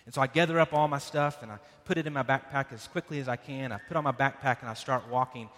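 A man preaching a sermon, telling a dramatic personal story with loud bursts and hushed passages. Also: mid-range voice, fast talker. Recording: long hall reverb.

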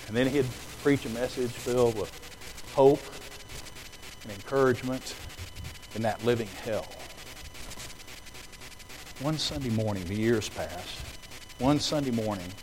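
A preacher delivers his sermon in a church auditorium. His voice sits at a middle pitch and swings between hushed storytelling and loud, emphatic calls to the crowd. Faint noise runs under the recording. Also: rough recording.

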